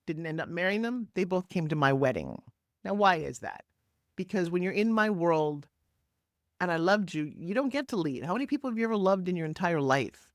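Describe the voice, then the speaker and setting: A woman in her sixties, a podcast guest talking over a video call, telling her story in an energetic, emphatic way with big swoops in pitch. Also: dry recording, clean studio sound. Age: 60s. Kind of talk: animated interview storytelling. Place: home office, Florida.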